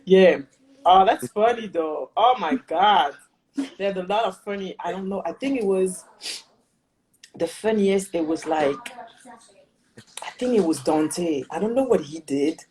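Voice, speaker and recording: A woman dance instructor hosting a casual interview with her students, animated and laughing often. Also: on the low side, unhurried, pauses often.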